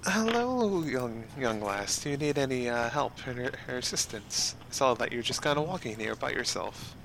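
A man's voice: mid-range voice, lively intonation, normal speed, vocal fry, background noise. A man voicing a kindly shapeshifting stranger in human form, polite and offering help.

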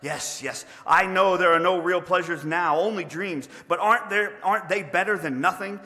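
A man's voice: sits high, normal speed, bright, forceful tone, pitched above the performer's own voice. A man voicing a sly lizard that coaxes and wheedles urgently. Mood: wheedling. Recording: long reverb of a large hall.

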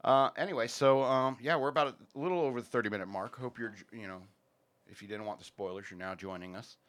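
A man hosts a loose, casual podcast. He rambles and jokes his way through sponsor reads, full of ums and asides, at an average pitch. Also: fast, fairly bright tone. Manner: rambling, jokey, many fillers. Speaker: podcast host.

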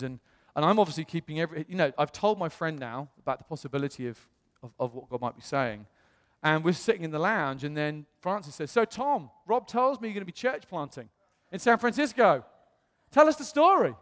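A British man preaches in a big reverberant hall, his voice sitting a little high for a man. He tells a personal story with lots of energy and jumps into quoted voices, with the sound trailing off in a long echo. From England. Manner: animated, acts out quoted voices. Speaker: pastor. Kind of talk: storytelling sermon.

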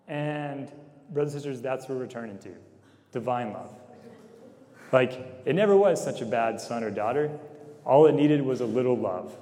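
A man preaching to college students in a loose, chatty way, tossing questions out to the room. His voice is mellow and sits at a middling pitch. The sound rings with the long reverb of a big hall. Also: expressive, normal speed. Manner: conversational, filler-heavy, asks the crowd questions. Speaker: campus minister.

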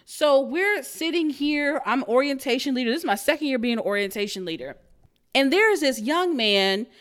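A woman in her thirties hosting a podcast, telling a story in a blunt, profane way that breaks into loud outrage. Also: sits high, lively intonation, moderate pace. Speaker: podcast host. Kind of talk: casual storytelling rant.

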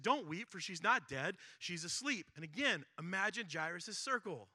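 A man preaching a sermon in a casual, conversational way, often checking in with "right?" and swinging between loud stretches and hushed ones. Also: on the high side, no echo, studio quality. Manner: conversational, keeps asking "right?". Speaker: pastor.

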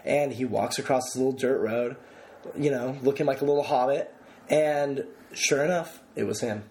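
A young man hosting a podcast, telling stories in an excitable, casual way and swearing freely. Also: medium pitch, normal speed. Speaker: podcast host.

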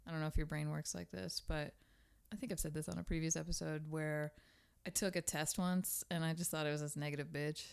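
A woman co-hosting a podcast in animated casual chat, swearing freely and rambling through her thoughts. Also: low voice, brisk, vocal fry, clean tone. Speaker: podcast co-host, teacher.

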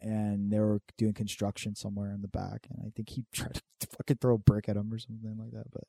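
A man in his thirties co-hosts a casual chat, spinning rambling, profanity-laced stories packed with fillers. His voice is lowish, gravelly and warm but monotone, he talks fast, and there's no room sound.

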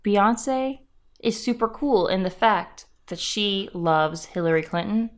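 A woman's voice: medium pitch, takes it slowly. A young woman co-hosting a podcast in casual chat, speaking in a blunt, emphatic, opinionated way. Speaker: podcast co-host.

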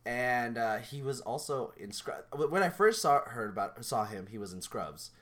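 A young man co-hosting a podcast in casual chat, talking in an animated, rambling way with many restarts. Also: mid-range voice, moderate pace. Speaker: podcast co-host.

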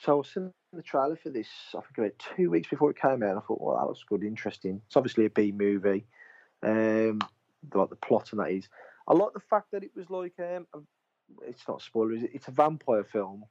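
A man's voice: medium pitch, very animated, fairly quick, a little mellow, dull audio. A man, casually chatting as a podcast co-host, rambling through stories, swearing freely and retelling what he said to his mate. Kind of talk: casual chat.

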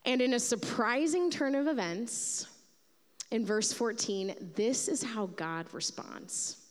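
Woman pastor, sermon, high voice, animated storytelling, long hall reverb. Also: slow. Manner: animated storytelling, acts out the Bible figures.

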